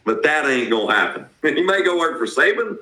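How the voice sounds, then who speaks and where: A man's voice: on the high side, very animated, brisk, sharp tone, reverberant, poor audio. A man with a strong Southern accent, talking football in a blunt, folksy way and laughing often. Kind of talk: casual sports talk.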